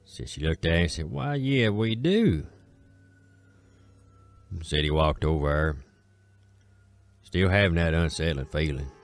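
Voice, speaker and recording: A man with an Appalachian accent telling a folk tale in a slow, drawling way, with dramatic pauses. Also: very deep voice, steady tone, dry recording. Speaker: storyteller. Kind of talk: folksy spoken storytelling.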